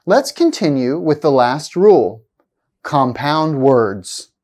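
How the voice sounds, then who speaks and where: Brief: woman pronunciation teacher, low-pitched, very slow and deliberate, exaggerated word stress. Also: big pitch swings, darkish tone. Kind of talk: scripted pronunciation lesson.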